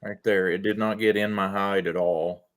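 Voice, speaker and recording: Low, bright-toned man telling a tale. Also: fairly even intonation. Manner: slow, halting storyteller. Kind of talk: casual chat.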